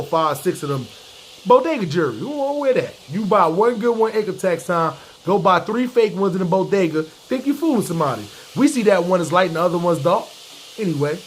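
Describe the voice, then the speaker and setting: A New man with a husky, breathy voice pitched fairly high for a man. He rants to his listeners like a street preacher, animated and profane, full of slang. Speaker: podcast host. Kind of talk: comedic street-talk rant.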